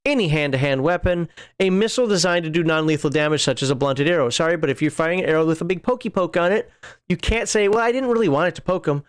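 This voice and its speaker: A man's voice: a little high, smooth. A man hosting a show, reading rules aloud and wandering off into chatty asides. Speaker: podcast host. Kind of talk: casual rules walkthrough.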